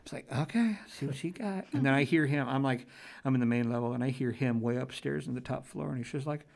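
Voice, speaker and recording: A man's voice: mid-range voice, little pitch movement, fast, creaky, darkish tone. Rambling, earnest man telling a story. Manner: rambling, restarts sentences, earnest. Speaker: paranormal investigator guest. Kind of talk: casual storytelling interview.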